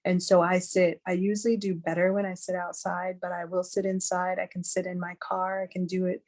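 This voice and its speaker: A woman's voice: lowish voice, little pitch movement, brisk, a little mellow. A middle-aged woman giving a candid, chatty teaching talk on a video call, earnest and full of fillers. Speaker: webinar speaker.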